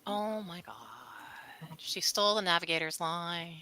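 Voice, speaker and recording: Bright, crisp woman chatting about movies. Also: lowish voice, steady tone, a little slow. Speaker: co-host. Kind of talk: casual movie discussion.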